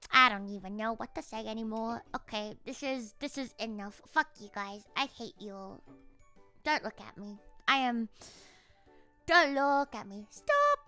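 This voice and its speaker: A woman's voice: on the high side, big pitch swings, a little slow, pushed and bright, smooth, soft background music. A young woman who is a virtual idol, chatting casually with viewers on a livestream in a playful, teasing, mock-grumpy way and dropping in Japanese phrases.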